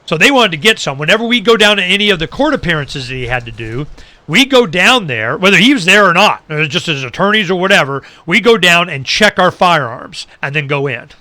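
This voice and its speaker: A middle-aged man hosting a talk show, telling a long story in casual chat, animated and dropping low for asides. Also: a little fast, no room sound. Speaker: radio show host.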